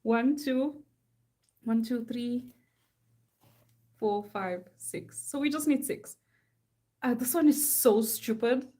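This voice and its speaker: A woman's voice: a little high, slow, long pauses, warm tone. A woman, chatting casually while she works on art. She reads silly slogans aloud in a playful, mock-serious chant. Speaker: artist live-streaming.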